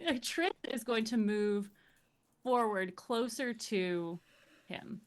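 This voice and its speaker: Woman player, tabletop game, a bit high, slow-paced, giggly, hesitant. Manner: casual, giggly, hesitant with fillers.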